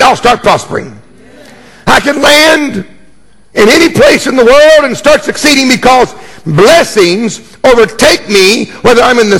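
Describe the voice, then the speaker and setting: A man's voice: very high voice, a bit bright, in a large hall. A man preaching a sermon as pastor, emphatic and jokey, repeating key words and calling for responses.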